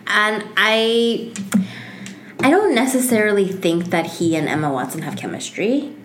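A woman's voice: medium pitch, animated, measured pace, slight background noise. A woman in casual podcast chat, talking loosely with many filler words. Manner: chatty, lots of "like" fillers. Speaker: podcast co-host.

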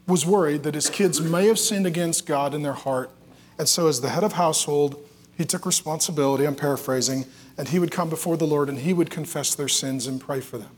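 Animated preacher man, loud then hushed. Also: fairly high pitch, a little hiss or hum. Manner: animated storytelling, swinging from loud and jokey to hushed and tender. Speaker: pastor. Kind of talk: sermon.

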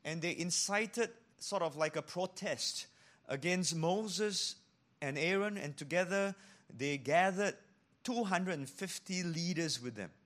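Pastor, male, slightly high voice, animated delivery that dips into hushed emphasis. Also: a little slow. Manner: acts out quoted voices in preaching. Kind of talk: sermon.

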